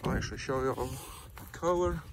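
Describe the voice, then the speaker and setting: Speaking fairly quickly in a mid-range voice, a man offers a laid-back outdoor review of his truck hitch with noise behind him. He wanders as he talks and says "um" and "y'all" a lot.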